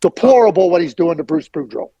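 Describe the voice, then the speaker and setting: Blunt, emphatic high-voiced man. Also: animated, fast, mellow, no room sound, muffled recording. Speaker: hockey analyst guest. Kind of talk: sports radio interview.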